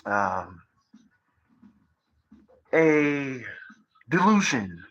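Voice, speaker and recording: Thirties male streamer, unhurried drawl, rambling profane rants with rhetorical jabs at the audience. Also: fairly high pitch, big pitch swings, dull audio. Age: 30s. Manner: profane, lecturing, conspiratorial, asks rhetorical questions. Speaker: livestreamer. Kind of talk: rambling livestream monologue.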